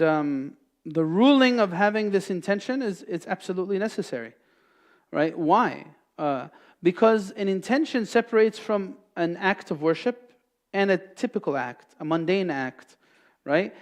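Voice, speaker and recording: High-voiced man teaching in a lecture. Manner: explanatory, asks and answers his own questions. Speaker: Islamic teacher. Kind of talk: classroom lecture. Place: mosque classroom.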